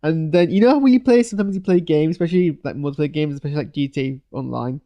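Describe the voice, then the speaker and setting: A man giving a loose, hesitant live reaction to a TV episode, full of fillers and restarts, with sudden bursts of excitement. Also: on the high side, very fast, muffled recording. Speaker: video reviewer. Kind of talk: live post-watch reaction.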